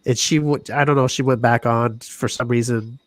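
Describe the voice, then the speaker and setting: A man's voice: mid-range voice, steady tone, moderate pace, no room sound, studio quality. A man hosting a casual podcast chat, rambling, restarting his words and laughing often. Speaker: podcast host.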